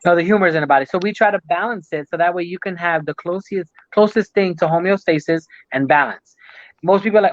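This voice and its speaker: A man with a somewhat high voice talks casually as a guest on a talk show. He explains ideas at length, circling back and restarting his sentences. The audio is dry and a little dull. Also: quick pace, no room sound. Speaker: guest, Chinese medicine practitioner.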